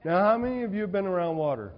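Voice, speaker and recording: A male preacher with a fairly high voice delivers a conversational, animated sermon, telling stories in casual plain speech. His voice rings with a long reverb in the church hall, and the sound is somewhat dull. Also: racing.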